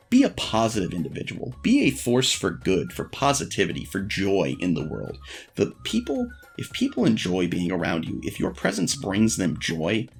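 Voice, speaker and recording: A man's voice: lowish voice, creaky, breathy edge. A man vlogging frank dating advice in a blunt, profane, self-deprecating casual monologue.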